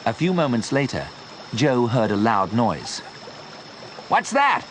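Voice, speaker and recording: Slow, animated male storybook narrator. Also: mid-range voice, a little hiss or hum. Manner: slow, clear, simple reading. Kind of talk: scripted storybook narration for learners.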